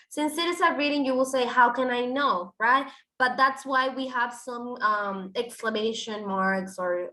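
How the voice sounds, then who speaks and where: A woman teaches an English class, her voice bright and a little high. She explains in loose, restarting sentences and switches into now and then. The room around her is echoey. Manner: explains with many restarts and fillers, switching into Spanish.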